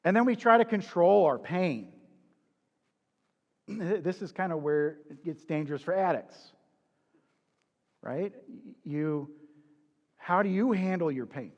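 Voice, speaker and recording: Guy giving a sermon in a big echoey room, kinda high voice, chatty n personal. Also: slow, pauses often, darkish tone, highs cut off. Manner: conversational, confessional preaching with rhetorical questions. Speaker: pastor.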